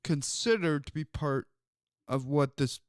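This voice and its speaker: Brief: male sports talk host, unhurried rambling storyteller, fairly high voice. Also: lively intonation, no echo, clean studio sound. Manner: rambling, storytelling, many fillers. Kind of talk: casual sports talk monologue.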